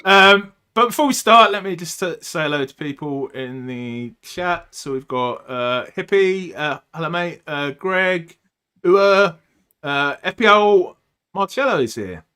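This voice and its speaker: Bright, clear-voiced male podcast host. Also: on the high side, animated, unhurried. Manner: chatty, joking, lots of ums and uhs. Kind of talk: casual podcast chat.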